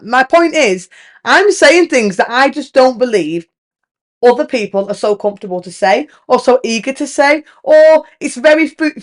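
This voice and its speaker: A young British woman hosting a podcast, talking frankly and in a rambling, confessional way, full of "like". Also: on the high side. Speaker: podcast host. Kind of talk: candid confessional chat.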